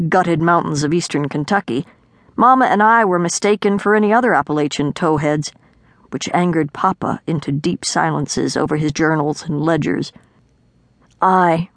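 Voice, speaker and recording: A woman narrating a novel in the first person, with a measured, wry storytelling delivery. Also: lowish voice, dry recording, studio quality. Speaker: audiobook narrator.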